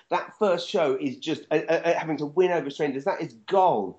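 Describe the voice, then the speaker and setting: A man, a stand-up comedian, chatting casually and telling stories with animated energy and the odd swear word. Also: on the high side, fairly quick, few pauses. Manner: animated storyteller, swears freely. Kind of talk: casual chat. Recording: dull lo-fi sound.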